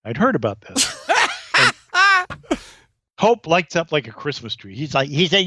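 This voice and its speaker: Animated male storyteller, podcast guest, lively pitch, dry lo-fi recording. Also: unhurried, breathy edge, dry recording. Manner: animated storyteller, acts out voices. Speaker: comedian guest. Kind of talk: podcast anecdote telling.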